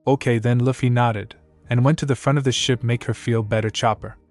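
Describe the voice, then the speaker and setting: A man's voice: medium pitch, fairly even intonation, fairly quick, darkish tone. A man reading fan fiction aloud, keeping the characters' lines close to his own voice. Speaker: fanfic narrator.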